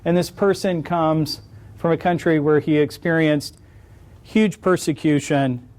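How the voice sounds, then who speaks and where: A man's voice: on the high side, fairly even intonation, a little slow, a little mellow. A middle-aged man answering questions at a conference, joking and telling wry anecdotes. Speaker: conference speaker. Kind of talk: lecture Q&A answer. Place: conference hall.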